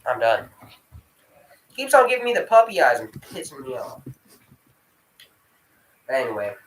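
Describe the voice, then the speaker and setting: A man's voice: a little high, sing-song, normal speed, distant mic. Profane young man in an echoey room. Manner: rambling, profane, talks to his dog mid-story. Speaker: vlogger. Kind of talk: casual storytelling. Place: room at home with dogs.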